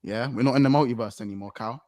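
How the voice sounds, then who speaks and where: A man hosting a casual football chat, excitable, swearing and repeating himself. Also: medium pitch, quick pace, no room sound. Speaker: football podcast host.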